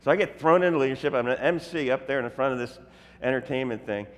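A middle-aged male preacher telling funny stories in a sermon, animated and self-interrupting, often laughing at his own stories. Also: mid-range voice, quick pace. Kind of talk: humorous sermon storytelling. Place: church sanctuary. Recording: long hall reverb in a church.

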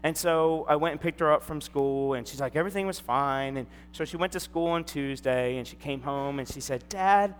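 A man's voice: mid-range voice, brisk, hardly any pauses. Man preaching in a reverberant hall. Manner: storytelling, animated, acts out quoted voices. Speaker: pastor. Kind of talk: sermon. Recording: long hall reverb, faint hum.

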